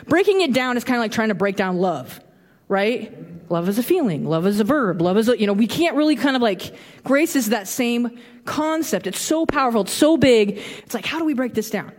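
A woman in her thirties giving a casual, animated sermon, acting out quoted reactions with a bit of humor. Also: on the high side. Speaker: preacher. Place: church sanctuary. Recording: long hall reverb.

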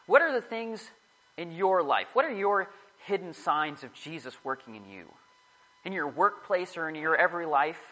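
A man's voice: fairly high pitch, expressive, moderate pace, pushed and bright, poor audio. A man giving a casual, rambling sermon to a small group, often correcting himself as he talks. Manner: rambling, self-correcting, chatty.

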